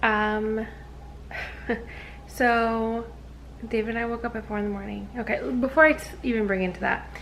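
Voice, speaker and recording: A woman's voice: on the high side, steady tone, a bit bright, a little hiss or hum. Tired, chatty young-sounding woman vlogging. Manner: chatty and gushing, with fillers and quick whispered asides. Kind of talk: casual vlog chat to camera.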